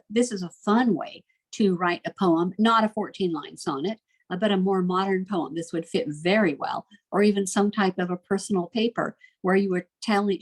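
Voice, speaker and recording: A middle-aged woman teaching a recorded literature lesson, reading rhymes and word lists aloud in a lively sing-song way. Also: medium pitch, rough recording. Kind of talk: recorded homeschool literature lecture.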